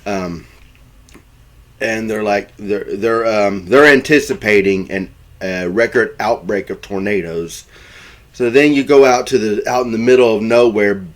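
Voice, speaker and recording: A man's voice: on the low side, unhurried. A man casually retelling a film plot, rambling with many fillers and restarts. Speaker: film reviewer.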